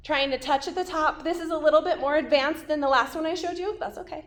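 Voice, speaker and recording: High-voiced woman coaching a workout. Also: quick pace, echoey room. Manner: encouraging, talks through exercises while doing them. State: out of breath at times. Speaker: fitness instructor. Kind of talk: workout instruction.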